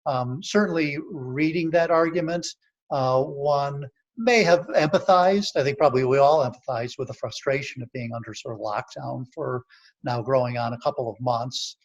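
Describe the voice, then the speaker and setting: A man's voice: medium pitch, moderate pace, muffled recording. Man explaining logic in a lecture. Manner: explanatory, checks in with "okay" and "right". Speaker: author giving a library presentation.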